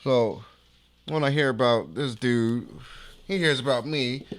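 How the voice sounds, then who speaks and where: A man's voice: medium pitch, a little slow. A man hosting a podcast, telling a street story in slangy casual talk and acting out the voices of the people in it. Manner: animated, slangy, acts out quoted voices. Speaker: podcast host.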